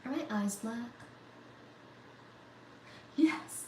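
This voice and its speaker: A woman's voice: a little high, drawn-out words, warm tone. A woman from India chats casually with her livestream viewers, reading their comments out and answering with teasing humor. She takes her time, speaking unhurriedly. The room around her rings with echo, and a faint noise sits under her voice. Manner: reads viewer comments aloud and answers them, teasing and chatty. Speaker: livestream host of a physics channel.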